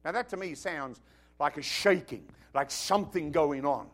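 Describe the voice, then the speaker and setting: A man's voice: fairly high pitch, moderate pace. A man from Britain with a British accent preaching a sermon, emphatic and joking, often asking the congregation whether they follow. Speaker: pastor.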